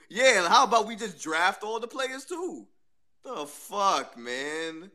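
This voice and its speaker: Exasperated, scornful man cursing; bright, sharp tone with lively swings. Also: high voice, slow pace. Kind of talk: heated sports chat.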